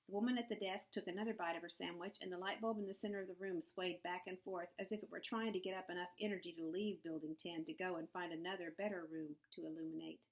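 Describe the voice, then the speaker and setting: A woman reading a children's novel aloud in a measured, expressive narration. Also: fairly low pitch, poor audio. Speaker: audiobook narrator. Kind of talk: scripted narration.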